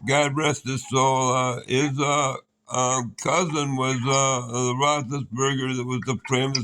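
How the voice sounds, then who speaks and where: A man from northern Michigan, a guest and old friend, telling a story in halting, hesitant speech full of pauses. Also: mid-range voice, little pitch movement, fairly bright tone. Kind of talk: casual chat.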